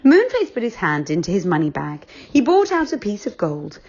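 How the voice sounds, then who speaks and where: A woman reading a children's book aloud, expressive and unhurried. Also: medium pitch, vocal fry, highs cut off.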